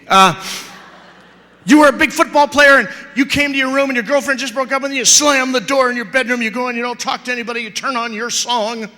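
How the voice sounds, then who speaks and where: A middle-aged man preaches to a big crowd with a high, bright voice that carries far. He tells his story with lively swings from loud cries to soft whispers. The sound rings out with the long echo of a large hall. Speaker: youth speaker. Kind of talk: sermon. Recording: live hall recording with long reverb.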